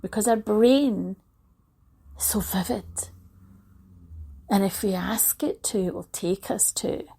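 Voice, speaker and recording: Husky woman guiding a visualisation. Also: medium pitch, slow pace, long pauses. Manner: hushed guided imagery, then lively storytelling. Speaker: motivational speaker. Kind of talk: guided visualisation talk.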